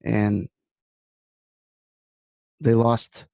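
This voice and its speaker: A man's voice: lowish voice, monotone, extremely slow, vocal fry, dark tone, clear, resonant tone, no echo. A man hosting a trading room, giving blunt market commentary that wanders into personal stories. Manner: blunt, rambling storyteller.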